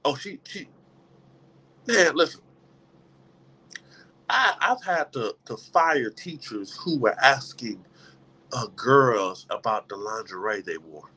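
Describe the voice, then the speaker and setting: A man's voice: mid-range voice, animated, takes it slowly, long pauses, bright, forceful tone, husky. A middle-aged man giving a motivational talk to a live group, emphatic and preacher-like, repeating words as he builds his points. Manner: emphatic preacher-like delivery with many repetitions. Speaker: motivational speaker.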